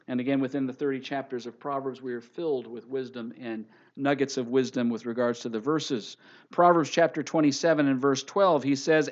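A man's voice: mid-range voice, dull audio. A man preaching a sermon, repeating scripture references with emphatic delivery. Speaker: pastor.

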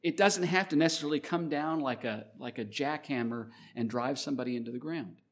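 A middle-aged man from Canada preaching a sermon, mid-pitched and easygoing. He talks like he is telling a story to friends, swelling louder on key phrases and dropping low at the ends of them. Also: fairly quick. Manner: conversational storytelling, lively swings in loudness. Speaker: pastor.

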